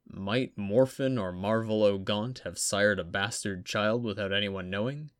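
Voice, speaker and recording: Low-voiced man reading a story aloud. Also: unhurried, clean tone, no room sound, clean studio sound. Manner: steady, even storytelling delivery. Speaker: audiobook narrator.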